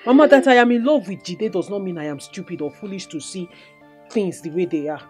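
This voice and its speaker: A woman's voice: mid-range voice, brisk, a little mellow, slightly rough, soft background music, lightly acted. An actress with a Nigerian accent playing a young woman in love who defends herself to her mother, insistent and repeating herself. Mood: defiant. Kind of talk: film drama acting.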